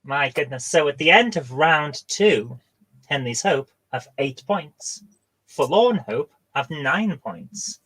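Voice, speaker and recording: A woman's voice: deep voice, expressive, slow, fairly bright tone, breathy edge, poor audio. A woman hosting a casual online quiz over a video call, joking and laughing between lines. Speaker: quizmaster.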